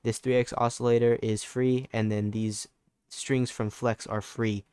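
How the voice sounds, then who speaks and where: A man's voice: medium pitch, little pitch movement, unhurried, a little mellow, smooth, no room sound, clean studio sound. A young man giving a casual, laid-back music production tutorial, loose and full of fillers and restarts. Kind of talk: casual screen-recorded tutorial.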